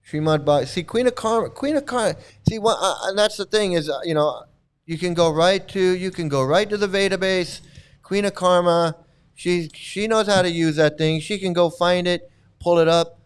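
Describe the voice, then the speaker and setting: A man's voice: high-pitched, moderate pace, clean tone. A man hosting a commentary video, ranting angrily and sarcastically at his viewers, often repeating himself and stumbling over restarts. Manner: angry, sarcastic, mocking; repetitive, stammering restarts.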